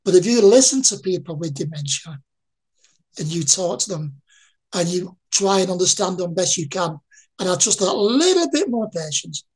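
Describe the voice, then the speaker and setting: A woman's voice: lowish voice, very animated, normal speed, a little mellow, slightly rough, poor audio. A woman in an interview speaking frankly about her own life and asking the listener rhetorical questions. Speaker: interviewee sharing lived experience. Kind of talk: candid conversational talk.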